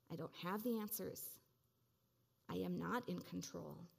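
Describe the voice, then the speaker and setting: A woman's voice: medium pitch, expressive, measured pace, vocal fry, slightly rough. A woman preaching a sermon in a conversational, reflective way, with many casual fillers.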